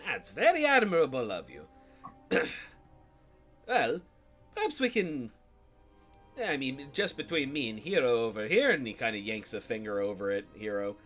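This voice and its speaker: A man's voice: mid-range voice, big pitch swings, normal speed, pauses often, fairly bright tone, soft background music. A man voicing a pompous nobleman adventurer who speaks in a grand, courtly, mildly condescending way.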